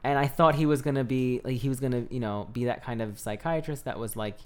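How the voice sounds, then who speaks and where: A man's voice: medium pitch, fairly even intonation, fast, a little mellow. Chatty laughing male podcast co-host. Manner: chatty, laughs often, many "like" and "um" fillers. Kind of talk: casual film discussion. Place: recording with a co-host.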